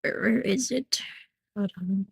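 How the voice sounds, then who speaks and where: A woman's voice: mid-range voice, slow pace, gravelly, darkish tone, husky, no room sound. A woman playing in a tabletop game, chatting casually while checking her character sheet. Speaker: player.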